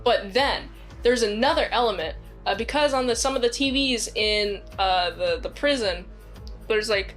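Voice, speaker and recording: A woman's voice: fairly high pitch, normal speed, soft background music. Rambling woman reviewing a movie. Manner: rambling, many "like"s, acts out quotes.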